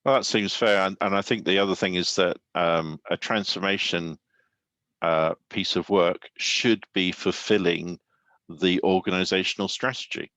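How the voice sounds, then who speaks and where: A man's voice: low voice, fairly even intonation, normal speed, a bit bright, no echo. A man hosting an online panel discussion, talking thoughtfully with many restarts and asking questions. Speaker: host and consultant.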